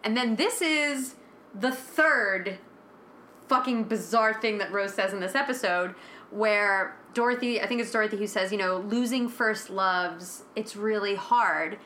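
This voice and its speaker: A woman's voice: medium pitch, unhurried, pushed and bright, a little hiss or hum. Chatty swearing woman in an echoey room. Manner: swears freely, acts out characters' lines. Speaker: podcast co-host. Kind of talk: casual chat recapping a TV episode.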